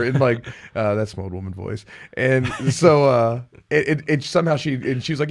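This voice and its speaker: A man hosting a podcast in casual chat, talking in an animated, rambling way with sudden jumps in pitch. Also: normal speed. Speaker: podcast host.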